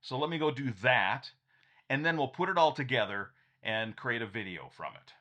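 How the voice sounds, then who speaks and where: A man's voice: mid-range voice, expressive, normal speed, bright, forceful tone. A man walking viewers through a tech tutorial in a casual, upbeat way, chuckling often and restarting his sentences. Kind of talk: casual screen-share tutorial.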